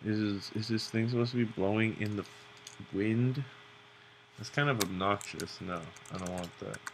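Young male tutorial host, casual and jokey, with a low-ish gravelly voice. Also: normal speed, background noise. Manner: rambling, joking, self-mocking. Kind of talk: casual narration while drawing.

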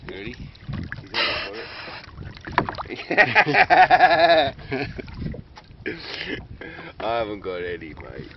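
An Australian man on a boat on the water, coaxing a dolphin with sing-song calls and chuckles. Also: lowish voice. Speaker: vlogger feeding a dolphin. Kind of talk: casual talk to an animal. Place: outdoors on a small boat on the water. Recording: dull lo-fi outdoor recording with boat and water noise.

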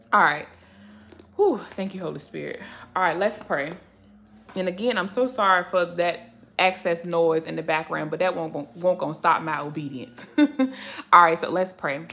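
A woman's voice: fairly low pitch, fairly bright tone. A woman giving a passionate devotional talk and prayer to her viewers, emphatic and repeating "right?" as she encourages them. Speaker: Christian faith YouTuber.

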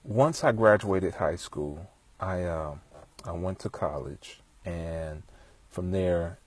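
A man talking outdoors in a relaxed, rambling way, passing on music industry advice full of fillers. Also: deep voice, slow pace, no echo. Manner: laid-back, rambling, many fillers. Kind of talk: casual storytelling monologue. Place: outdoors, with bees around.

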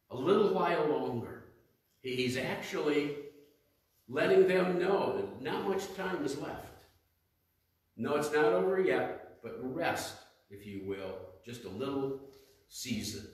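A man's voice: on the high side, animated, unhurried. Man preaching in an echoey church. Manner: conversational preaching with congregation call-and-response. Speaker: pastor. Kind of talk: sermon. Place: church sanctuary. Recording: echoey church hall, mic at a distance.

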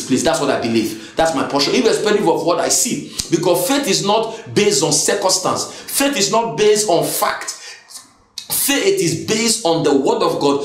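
A man with a Nigerian English accent preaches a sermon in an emphatic, repetitive style, breaking out into shouts. His voice is high-pitched and the sound is roomy.

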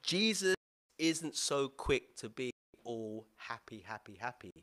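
A man preaching a sermon as pastor, lively and playful, with slang and asides to the congregation. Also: mid-range voice, slow.

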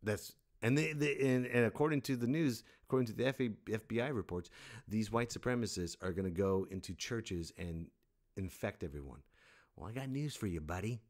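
A man's voice: fairly low pitch, fairly quick. A man hosting a comedy podcast, delivering a sarcastic, exasperated rant and laughing at his own jokes. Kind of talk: stand-up style comic rant.

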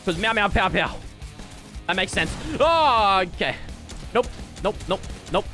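Young male gamer, jokey and excitable, slightly high voice with a bright edge. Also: normal speed, faint music behind. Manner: excitable and jokey, with sudden yelps. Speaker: gaming YouTuber. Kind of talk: gameplay commentary.

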